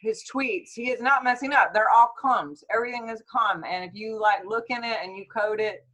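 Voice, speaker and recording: A woman hosting a casual conversation, chatty and animated when she tells a story. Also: fairly high pitch, normal speed, crowd noise, low-quality recording. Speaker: host, naturopathic doctor.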